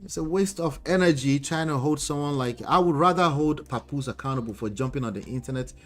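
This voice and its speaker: A man hosting a commentary show, reacting to celebrity clips with animated, incredulous questions and reading comments from the chat. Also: a little high, a little fast, soft background music.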